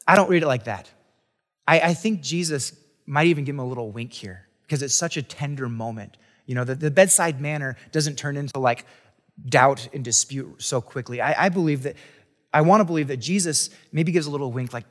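A man's voice: mid-range voice, a little fast, long reverb tail. A man preaching a conversational sermon as a pastor, talking casually and chattily with restarts and asides.

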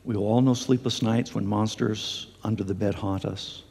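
A man's voice: on the low side, fairly even intonation, normal speed, gravelly, darkish tone, husky. A man preaching a sermon as pastor, earnest, with fillers and restarts, speaking in a church sanctuary. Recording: long hall reverb.

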